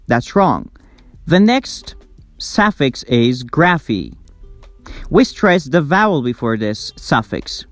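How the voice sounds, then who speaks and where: A man teaching English word stress, slowly drilling word lists one by one. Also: medium pitch, sing-song, no echo, faint music behind. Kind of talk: slow, deliberate pronunciation lesson.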